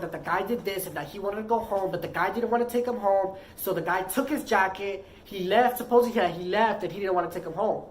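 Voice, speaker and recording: A woman's voice: medium pitch, a little hiss or hum, rough recording. A woman casually telling a personal story, rambling and filling her sentences with "like". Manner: rambling, heavy use of "like".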